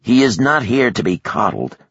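A man voicing a calm, commanding male kidnapper who speaks formally without contractions. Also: lowish voice, normal speed, creaky, husky, no room sound, dull audio, voice pushed up, exaggerated voice. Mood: cold, commanding.

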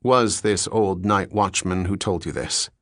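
Man doing a polite skeptical detective, measured, dry close sound. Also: low-pitched, a bit bright, no echo.

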